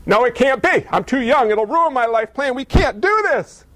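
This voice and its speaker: A man's voice: very high-pitched, animated, moderate pace, a bit bright, no echo, voice pushed up. A man voicing Mary, a young woman, with short, pleading protests. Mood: anxious. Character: Mary, young woman, anxious then humble.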